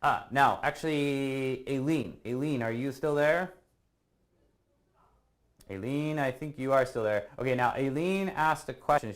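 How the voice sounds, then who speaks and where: A man talks at a middle pitch, teaching English online in a relaxed, conversational way. He explains words patiently and keeps checking that the class follows with a short question. The sound has the feel of a video call. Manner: explains patiently, ends points with a tag question. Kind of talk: casual online language lesson.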